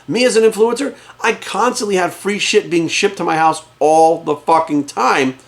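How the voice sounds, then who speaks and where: A man's voice: a little high, animated, moderate pace, few pauses, fairly bright tone. A man working as a fitness coach, ranting to camera in his office with heated, profane emphasis. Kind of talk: casual rant to camera. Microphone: camera in front of him.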